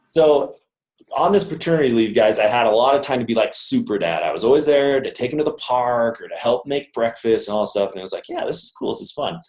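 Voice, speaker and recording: A man in his thirties telling a personal story to a live audience in a chatty, joking manner, often checking in with "okay?". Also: medium pitch. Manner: conversational, jokey, keeps checking in with "okay?". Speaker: motivational speaker. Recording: roomy echo.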